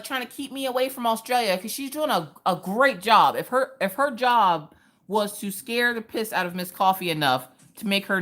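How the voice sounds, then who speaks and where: A woman chatting casually on a craft livestream, reading viewer comments with animated, laughing reactions. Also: medium pitch. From Pennsylvania. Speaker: livestream host.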